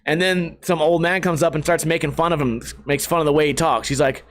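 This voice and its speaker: A man hosting a casual solo podcast, talking in a brash, profane and excitable way. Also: fairly high pitch, fairly quick, hardly any pauses. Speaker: podcast host.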